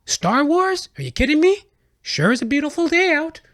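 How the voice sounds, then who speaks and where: A man's voice: high-pitched, level tone, voice pushed up, natural voice. A man voicing himself as a small, eager boy who chatters happily at everyone. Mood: excited chatty. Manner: bubbly, eager, rapid greetings.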